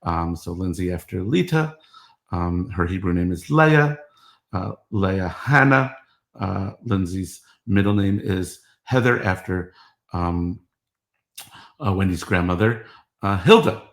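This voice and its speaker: A middle-aged man talking to his kids in a rambling personal monologue, halting with many fillers and restarts. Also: low-pitched, lively intonation, echoey room. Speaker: father recording family history.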